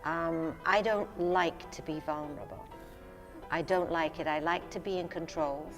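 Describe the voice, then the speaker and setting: An older woman, a singer and stage actress, talking candidly and self-deprecatingly in a relaxed interview, often laughing at herself. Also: low-pitched, moderate pace, big-room sound, over music.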